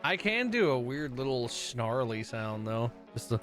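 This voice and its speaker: A man's voice: medium pitch, very animated, a little slow, over loud music. A man chatting casually with viewers on a live stream, rambling and playful, often losing his train of thought. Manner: rambling, playful, easily sidetracked.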